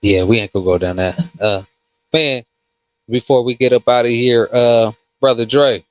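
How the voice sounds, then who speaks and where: A man who hosts a casual livestream and reads comments, talking slowly with many fillers and restarts. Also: mid-range voice, fairly even intonation, no room sound, lo-fi sound. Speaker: host.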